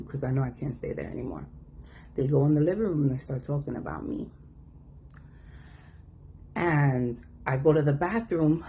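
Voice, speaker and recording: A woman telling a personal story in a casual, animated way, acting out the voices of the people in it. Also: deep voice, slight background noise. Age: adult. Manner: animated, acts out quoted voices.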